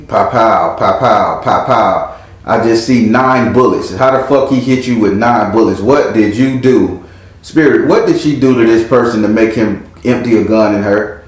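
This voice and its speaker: A man's voice: lowish voice, a little mellow. A man giving a casual past-life tarot reading, blunt and profane, telling the story vividly with sound effects. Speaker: tarot reader. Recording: very echoey room.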